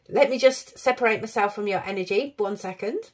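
A woman's voice: on the high side, animated, moderate pace, few pauses. A woman giving a tarot reading to her viewers, effusive, encouraging and openly emotional. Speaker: tarot reader.

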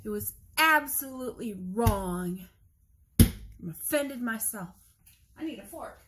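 A tired woman talks to her camera in her home kitchen, drifting from one thought to the next and laughing at herself. Her voice sits a bit high, and she speaks slowly and unhurriedly. Steady household noise hums in the background. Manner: rambling, self-deprecating chatter. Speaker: vlogger. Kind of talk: casual kitchen vlog.

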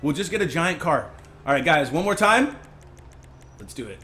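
A young man giving live gameplay commentary as a streamer, excitable, breaking into yells and laughs. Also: a little high, moderate pace. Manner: excitable, yelling and laughing in bursts. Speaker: gaming streamer.

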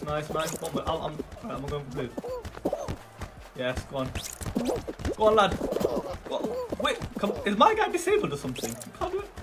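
A young man calls out his gameplay in a high voice. He veers between low muttering and sudden excited shouts, with a lot of swing in his pitch. Music plays clearly underneath. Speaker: gaming YouTuber. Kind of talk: live gameplay commentary.

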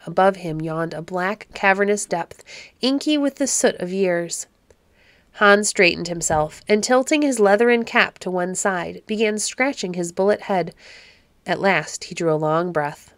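A woman hosting a podcast and reading an old storybook aloud in a measured, gently expressive way. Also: fairly low pitch, no echo. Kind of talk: storybook read-aloud narration.

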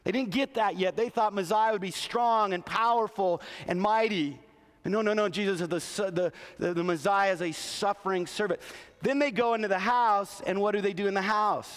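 In a large church sanctuary with the long reverb of a church hall, a middle-aged pastor preaches earnestly. His voice is very high and a bit bright, and he often restarts his phrases.

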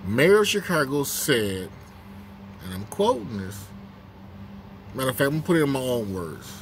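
A man's voice: medium pitch, big pitch swings, moderate pace, slight background noise. A man hosting his own casual commentary vlog on a break at work, talking bluntly and repeating his points for emphasis.

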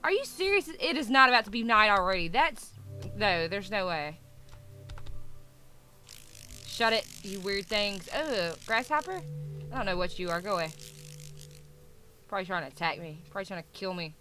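A young woman giving excitable, chatty commentary while playing a game, squealing and talking to the animals. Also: mid-range voice, normal speed, long pauses, over music. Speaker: gaming YouTuber. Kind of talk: casual gameplay commentary.

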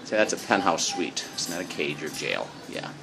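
A man filming his pet parrot at home on a handheld phone, switching between high sing-song baby talk to the bird and low asides. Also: big pitch swings, moderate pace, creaky, music in the background. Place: home indoors.

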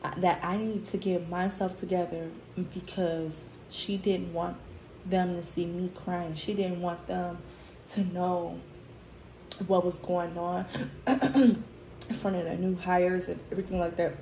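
A woman's voice: fairly low pitch, fairly even intonation, a little slow, dark tone, slight background noise. Profane, venting woman in an echoey room. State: tearful. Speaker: food vlogger. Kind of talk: casual storytime chat.

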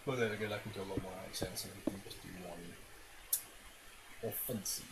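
A man's voice: low-pitched, steady tone, fairly quick. A man rambling and swearing through self-mocking gameplay commentary on a laptop's built-in mic. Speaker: gaming video creator. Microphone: laptop internal mic. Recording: loud hiss, laptop internal mic.

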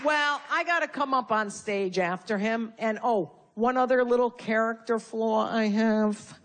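A woman's voice: a little high, measured pace, a faint crowd. A woman performing a stand-up comedy routine on stage before a live audience, brash and profane with insult humor.

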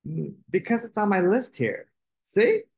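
A man's voice: high-pitched, wildly swooping pitch, measured pace, gravelly, a little mellow, voice pushed up, exaggerated voice. Douglas, a timid young dragon voiced by a man. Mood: earnest. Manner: earnest, apologetic.

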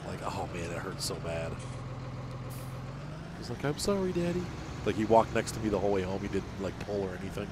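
A man with a lowish voice talking his way through a farming game. He rambles in a loose, chatty way, drifting off topic and piling up fillers. A clear background noise runs under his voice. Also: little pitch movement, fast, few pauses. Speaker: gaming channel host. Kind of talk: casual gameplay commentary.

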